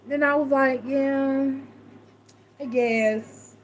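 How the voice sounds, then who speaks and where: A woman's voice: high voice, slow, a little hiss or hum, rough recording. Chatty middle-aged woman. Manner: animated, acts out quoted voices, frequent self-restarts. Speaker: tarot reader and live chat host. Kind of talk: casual storytelling to a live chat.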